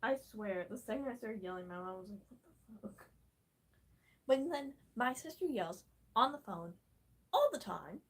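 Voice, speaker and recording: A woman's voice: fairly high pitch, animated, moderate pace, breathy edge, rough recording. A young woman rambling and swearing in casual commentary, talking back at a tutorial video while she paints. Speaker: gaming vlogger.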